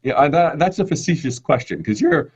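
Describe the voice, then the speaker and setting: Husky guy doing a motivational webcam class, stretches words out, kinda muffled audio. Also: fairly high pitch. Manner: expressive, swings between emphatic and drawn-out. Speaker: online course teacher. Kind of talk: live-streamed motivational lesson.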